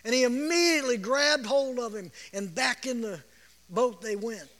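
High-voiced man preaching in an echoing hall. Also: normal speed. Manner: storytelling, repeats words, laughs, bursts into shouts. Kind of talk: sermon. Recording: long reverb of a large hall.

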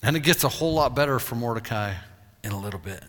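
A male pastor delivering a sermon, retelling scripture with lively storytelling. His voice sits at a middle pitch, and a long reverb hangs behind it from a large hall. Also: fast.

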